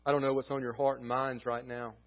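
A pastor preaching a sermon, impassioned, rising to near-shouts and dropping to hushed closings. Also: male voice, medium pitch, flat delivery, fast, phone-quality sound. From United States. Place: church sanctuary.

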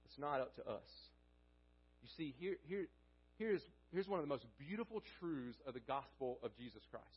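A man's voice: medium pitch, lively intonation, moderate pace, breathy edge, lo-fi sound. A male pastor preaching a sermon in a church, repeating key phrases for emphasis and asking the congregation questions he then answers. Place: church sanctuary.

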